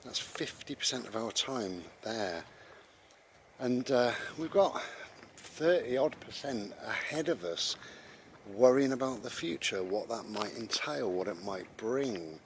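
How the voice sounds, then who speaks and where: A man's voice: medium pitch, expressive, unhurried, background noise. A British man rambling conversationally about mindfulness, with frequent restarts, as he walks his dog outdoors. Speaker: vlogger. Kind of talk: casual spoken reflection on mindfulness.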